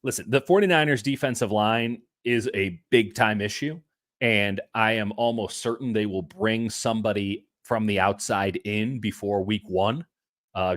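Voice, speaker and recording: A man co-hosting a casual sports podcast over a video call, talking in an animated way with playful asides. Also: fairly low pitch, dry recording, clean studio sound. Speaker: co-host.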